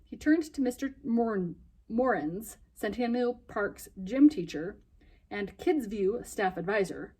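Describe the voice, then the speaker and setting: A woman reading a children's novel aloud in a lively, expressive way, with a husky voice. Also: medium pitch, measured pace.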